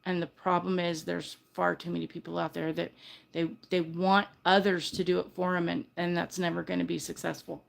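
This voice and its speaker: A woman's voice: on the low side, level tone, a little fast, gravelly. An older woman hosting a casual livestream, talking earnestly and heartfelt, often restarting her sentences. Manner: earnest, rambling, self-correcting, heartfelt. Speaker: livestream host.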